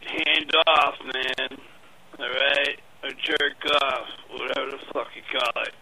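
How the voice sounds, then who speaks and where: A man voicing a menacing male death metal band member in a drawling, threatening, profane prank voicemail with a gravelly rasp. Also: medium pitch, fairly even intonation, slow pace, sharp tone, full character voice, poor audio.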